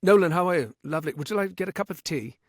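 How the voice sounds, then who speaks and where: Chatty polite British man as a voice actor mimics a friend, higher voice, dry sound. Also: very fast, no room sound. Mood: cheery.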